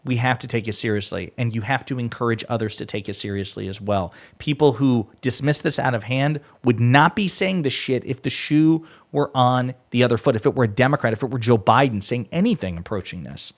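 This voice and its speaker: Male political commentator, exasperated and emphatic, swears freely, mid-pitched voice. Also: a little fast, hardly any pauses.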